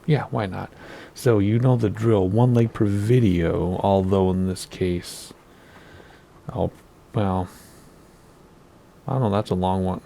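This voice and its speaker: A man in his thirties with a gravelly, fry-heavy voice, rambling his way through casual gameplay commentary. He talks in a relaxed, meandering way and wavers over pronunciations. His tone sits low and mellow. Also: slow, pauses often, a little hiss or hum. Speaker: flight sim video host.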